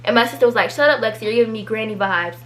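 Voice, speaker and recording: A teenage girl tells a storytime in a chatty, rambling way, full of fillers. Her voice sits a little high, and she gets animated whenever she quotes someone. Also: rapid-fire. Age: teens. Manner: chatty, filler-heavy, animated when quoting people. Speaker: vlogger telling a story. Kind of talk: casual storytime.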